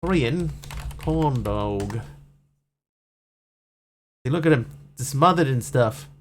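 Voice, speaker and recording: A man's voice: mid-range voice, lively intonation, slow pace. A man streaming a game, chatting casually and rambling as he thanks viewers. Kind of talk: casual live-stream chat while gaming.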